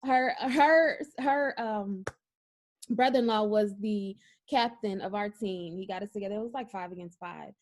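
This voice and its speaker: A woman co-hosting a casual podcast, telling stories in an animated way and often laughing. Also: medium pitch, moderate pace. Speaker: podcast co-host. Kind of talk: casual chat.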